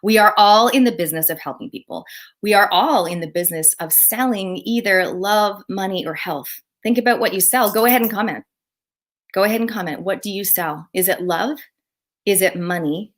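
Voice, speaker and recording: A woman's voice: medium pitch, normal speed. A woman business coach giving an enthusiastic live talk, speaking straight to her viewers. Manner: upbeat, enthusiastic, addresses viewers directly.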